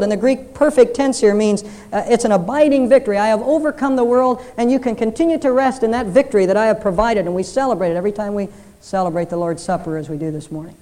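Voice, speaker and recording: A man pastor delivers a sermon in a warm, mellow voice. He swings from strong, raised emphasis to quiet, hushed appeals. He drives his points home by repeating key phrases. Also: high voice, fast talker. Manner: earnest preaching that swings between loud emphasis and hushed appeals.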